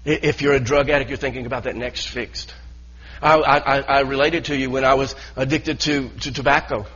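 A man's voice: mid-range voice, fairly even intonation, fairly quick, a bit bright, slightly rough, muffled recording. A man preaching a sermon as pastor, earnest and full of restarts and repeated words.

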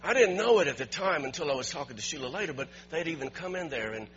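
A man preaching as a pastor, telling a story in an animated way and building to emphatic shouts, recorded in a church. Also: fairly high pitch, fast talker. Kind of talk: storytelling sermon. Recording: dull lo-fi recording with faint hum.

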